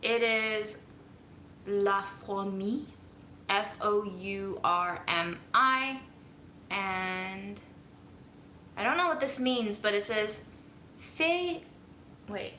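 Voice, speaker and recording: A woman's voice: medium pitch, very slow, long pauses, sharp tone, reverberant, slight background noise. A woman vlogging in her home kitchen, chatting casually and rambling with self-mocking humor to her viewers. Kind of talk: casual chat to a livestream audience.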